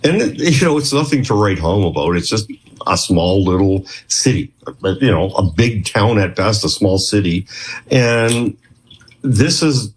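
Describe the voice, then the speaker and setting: A husky-voiced Canadian man, on the low side and unhurried, tells stories as a guest in a storytelling interview, drawing on his past as a clinician who worked with police. His intonation is lively, and he rambles chattily, restarting often and acting out quotes.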